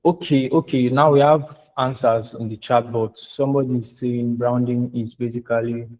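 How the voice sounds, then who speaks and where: A man teaching an online class on branding, halting and repeating himself. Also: mid-range voice, fairly even intonation, darkish tone, lo-fi sound. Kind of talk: online lecture.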